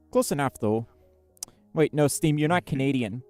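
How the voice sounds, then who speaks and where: A woman's voice: low-pitched, moderate pace, mellow, faint music behind. A woman chatting casually on a livestream, bubbly and giggly, reading chat messages aloud with lots of fillers. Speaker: streamer.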